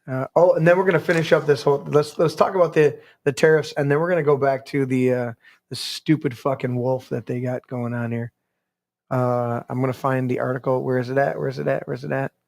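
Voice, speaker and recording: A man's voice: mid-range voice, fairly even intonation, fairly quick, vocal fry, darkish tone. A man hosting a podcast, ranting casually and reading news articles aloud, rambling, swearing and stumbling over words. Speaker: podcast host.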